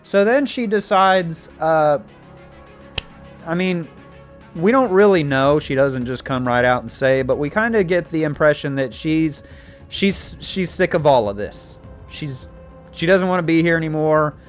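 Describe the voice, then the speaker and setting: A man telling a show's plot in a casual recap, animated, with many fillers and restarts, acting out the scenes. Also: on the high side, measured pace, soft background music. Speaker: show recap host.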